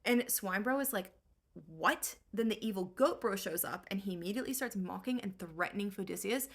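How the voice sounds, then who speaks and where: A woman's voice: mid-range voice, fast talker. A woman recapping an old story for comedy in slangy, sarcastic valley-girl speech. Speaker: host.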